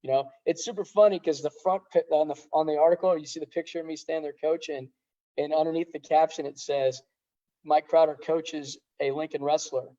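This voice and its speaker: A middle-aged man, a high school wrestling coach, talking earnestly in a casual podcast interview, rambling with many restarts. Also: fairly even intonation, a little fast, dark tone. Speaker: head wrestling coach, guest. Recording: dull lo-fi sound.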